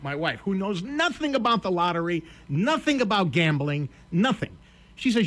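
Brief: radio host, Connecticut man, high voice, lively storyteller doing both sides of a chat. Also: normal speed. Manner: animated storyteller acting out both sides of a dialogue. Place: radio studio.

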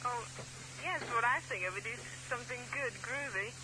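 Polite woman caller with a bright voice. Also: fairly high pitch, normal speed, a little hiss or hum, poor audio. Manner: polite, earnest questioning. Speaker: radio caller.

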